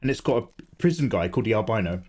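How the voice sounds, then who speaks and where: A young man with a croaky voice, chatting loudly and swearing a lot while he streams himself drawing at home. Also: lowish voice, expressive, racing. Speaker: livestreaming artist. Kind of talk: casual chat while drawing.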